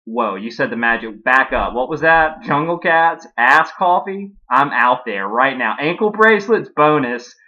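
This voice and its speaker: Man putting on a naive excitable singer guy, pitched up and loud, eager exclamations, dull lo-fi recording. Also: a little slow, few pauses. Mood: excited.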